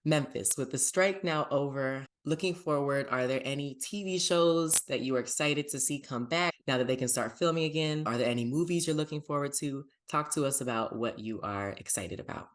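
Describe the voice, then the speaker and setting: A man's voice: medium pitch, fairly quick, few pauses. Upbeat male podcast host. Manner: upbeat, plugs socials, chatty pop culture talk. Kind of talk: casual podcast chat.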